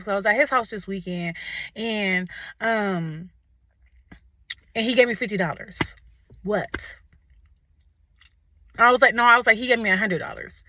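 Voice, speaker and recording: A young woman from Ohio telling a storytime vlog in a profane, animated manner, talking straight to her viewers. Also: fairly high pitch, dry recording. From Ohio, USA.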